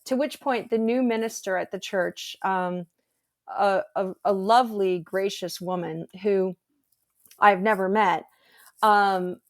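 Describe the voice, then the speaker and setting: A woman, guest and energy healer, telling a personal story in an animated, earnest way on a video call. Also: mid-range voice, takes it slowly, no room sound, studio quality. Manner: animated, earnest, rambling with fillers. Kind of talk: casual storytelling conversation.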